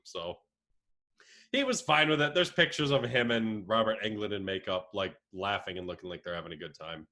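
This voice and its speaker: A young male podcast co-host, mid-range in pitch and normal in pace, keeps things casual. He laughs a lot as he tells his stories with real animation.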